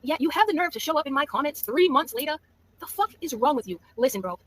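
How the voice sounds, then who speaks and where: High-voiced, brash woman trash-talking fast. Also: very animated, a bit bright, a little hiss or hum. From Massachusetts, USA. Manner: brash, profane, insulting. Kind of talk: trash-talking video rant.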